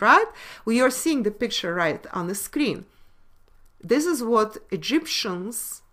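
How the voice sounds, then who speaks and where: Slow, bright-voiced woman lecturing. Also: medium pitch. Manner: slow, emphatic, asks rhetorical questions. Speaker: webinar presenter. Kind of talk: lecture on word origins.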